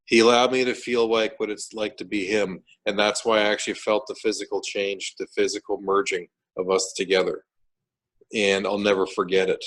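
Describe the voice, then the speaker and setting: A man with a lowish voice recounts his experience as a guest in an interview. He talks animatedly, doubling back on words and restarting sentences as he goes. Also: moderate pace, low-quality recording. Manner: animated, repeats words and restarts sentences while retelling events. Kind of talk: casual storytelling interview.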